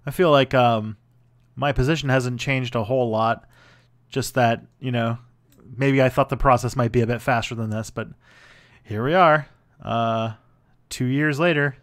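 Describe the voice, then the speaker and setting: Looking back at his old videos during a relaxed livestream, this male channel host speaks in a steady, mid-range voice at a moderate pace. He wanders loosely from point to point, stopping and restarting often and leaning on filler words.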